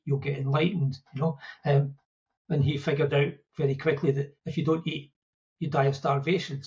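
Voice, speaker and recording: A man's voice: on the high side, gravelly, darkish tone, muffled recording. A man with a Scottish accent, explaining ideas in a conversational, storytelling way with quips and asides. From Scotland. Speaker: podcast guest explaining Buddhist ideas. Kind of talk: casual explanatory talk.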